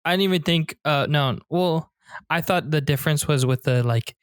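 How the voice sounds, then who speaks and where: A man's voice: on the high side, normal speed, clean tone, no room sound, clean studio sound. A young man co-hosting a podcast with his sister, joking and trailing off mid-thought in a casual chat. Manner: hesitant, trails off and restarts, joking. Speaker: podcast co-host.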